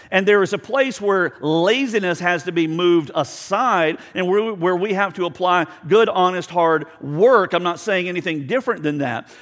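High-voiced male pastor in reverberant hall. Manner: animated storytelling, acts out quotes; conversational, asks the crowd for agreement. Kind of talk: sermon.

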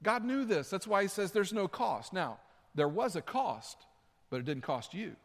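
A man's voice: high voice, very animated, normal speed. Conversational male pastor in a reverberant hall. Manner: conversational, repeats key points for emphasis. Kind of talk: sermon.

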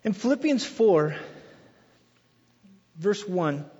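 A pastor preaches with a high, lively voice, slipping into the voices of the people in his stories. The sound is dull, and a long hall echo follows him. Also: slow pace, husky. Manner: animated storytelling, acts out quoted voices. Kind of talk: sermon.

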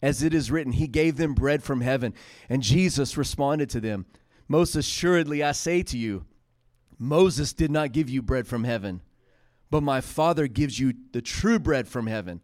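A man's voice: medium pitch, moderate pace, darkish tone, dry recording. A man preaching a sermon, retelling scripture in casual paraphrase and building to emphatic peaks.

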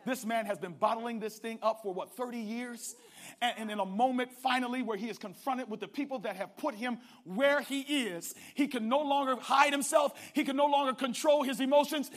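A man preaching a sermon, calling out to the congregation and swinging from hushed asides to shouted climaxes. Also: very high-pitched, normal speed. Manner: calls out to the congregation.

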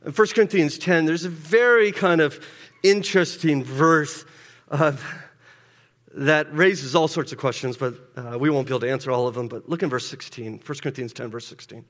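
A man preaching a sermon in a church, often repeating words as he swings between loud urgency and hushed intensity. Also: on the high side, normal speed. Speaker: pastor. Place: church sanctuary. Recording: long hall reverb.

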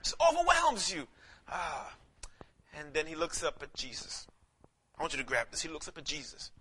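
A male pastor preaching a casual, animated sermon, swinging from shouts to hushed lines and calling listeners man. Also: a little high, moderate pace, slightly rough. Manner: casual street talk, calls listeners man.

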